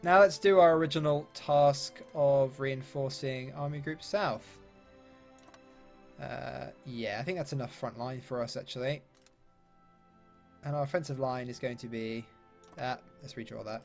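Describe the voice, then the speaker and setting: A man's voice: medium pitch, measured pace, vocal fry, pauses often, soft background music. A man giving chatty, upbeat let's-play commentary with British slang and mild swearing. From London, England. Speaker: gaming YouTuber.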